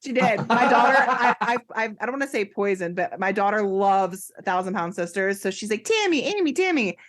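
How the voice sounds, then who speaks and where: A woman co-hosting a casual podcast chat, telling animated anecdotes. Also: medium pitch, moderate pace. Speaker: podcast co-host.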